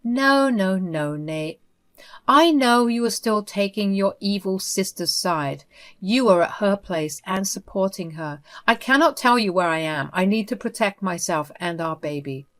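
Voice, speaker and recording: A woman's voice: medium pitch, lively intonation, a little slow, fairly bright tone. A woman voicing an unhinged, possessive sister-in-law who speaks in a defiant, dismissive way.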